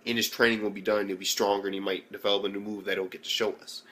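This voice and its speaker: Rapid-fire and flat in delivery, this man's voice is fairly low-pitched with a fairly bright tone. He rambles through a casual anime video review, cursing nonstop and acting out scenes along the way.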